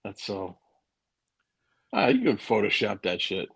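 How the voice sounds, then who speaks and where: A man's voice: lowish voice, wildly swooping pitch, measured pace, gravelly, husky, dry recording. A man co-hosting a casual show, reacting with laid-back chuckles and dry quips. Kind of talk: casual chat.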